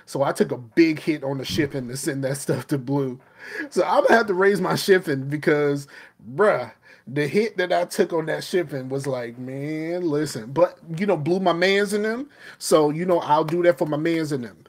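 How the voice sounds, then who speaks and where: Rambling, laughing podcast host. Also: male voice, a little high, normal speed. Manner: loose, rambling, laughs often. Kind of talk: casual chat.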